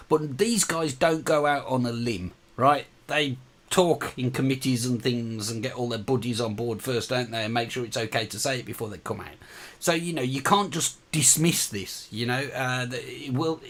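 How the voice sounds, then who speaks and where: A man co-hosting a casual online chat show, talking in a halting way with many fillers and restarts. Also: medium pitch, a bit bright. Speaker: co-host.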